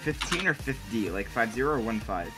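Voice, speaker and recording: A young man co-hosting a casual podcast, joking around and quick to laugh. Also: medium pitch, very animated, music in the background. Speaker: podcast co-host. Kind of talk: casual chat.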